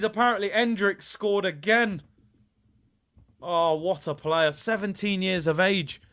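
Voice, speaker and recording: Excitable high-voiced man shouting. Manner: excitable, shouting, slang-heavy. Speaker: streamer host. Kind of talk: football watch-along commentary.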